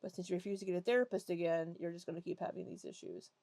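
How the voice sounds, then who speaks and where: A woman's voice: on the low side, animated, racing, creaky, mellow, no echo. A woman commenting on clips, giving blunt, matter-of-fact remarks. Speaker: commentary host.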